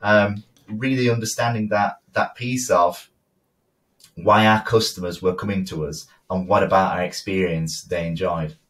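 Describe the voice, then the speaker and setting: A man's voice: deep voice, fairly even intonation, moderate pace, fairly bright tone, far from the mic. Chatty man, slightly off-mic. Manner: chatty, repeats and restarts words, laughs easily. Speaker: podcast co-host, photographer. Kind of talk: casual podcast chat.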